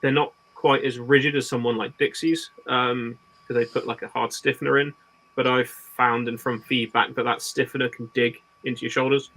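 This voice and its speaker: Brief: mid-pitched man with fry in the voice, bright tone, casual guest on a chat podcast, practical and chatty. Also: flat delivery, moderate pace, rough recording. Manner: practical, explains at length with restarts. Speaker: guest gear maker.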